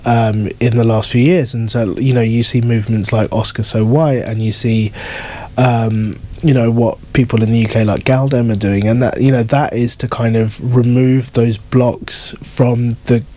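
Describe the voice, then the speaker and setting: A man's voice: mid-range voice, steady tone, normal speed, dark tone. A man, an author, talking casually at a bookshop event and reading from his novel, with many fillers and restarts. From United Kingdom.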